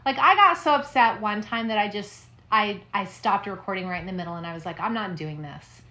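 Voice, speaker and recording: A woman co-hosting a podcast, chatting casually and telling a campfire ghost story with dramatic hushed moments. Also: mid-range voice, fairly quick. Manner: dramatic, drops to hushed tones for spooky parts. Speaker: podcast co-host.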